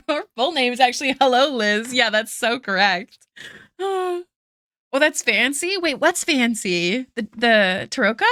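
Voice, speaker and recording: A woman's voice: on the high side, animated, a little slow, bright, forceful tone, dry recording, studio quality. A woman streaming her art live, chatting casually with viewers, giggling often and thanking them one by one.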